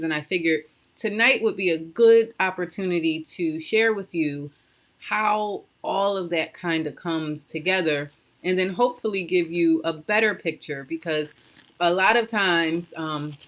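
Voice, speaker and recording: A woman in her thirties or forties hosting a casual live stream from home on a computer mic. She talks chattily and greets her viewers by name. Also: lowish voice. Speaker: live stream host, soap maker.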